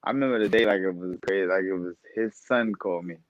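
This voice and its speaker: A boxer talking casually as a podcast guest, animated and profane, often laughing. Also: male voice, deep voice, fast talker, muffled recording. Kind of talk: casual interview talk.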